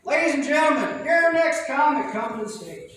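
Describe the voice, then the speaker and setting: A man's voice: very high-pitched, very animated, brisk, a bit bright, pitched above the performer's own voice, heavily acted. A man on a comedy stage voicing a big male emcee who hypes up the next act. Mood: announcing. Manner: announcer-style hype. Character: huge booming male emcee. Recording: echoey theater, far from mic, noisy.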